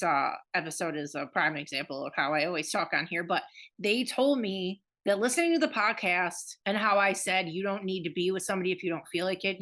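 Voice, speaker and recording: A woman's voice: on the low side, a bit bright. A woman co-hosting a podcast, chatting casually, laughing often and swearing bluntly. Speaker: podcast co-host. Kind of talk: casual chat.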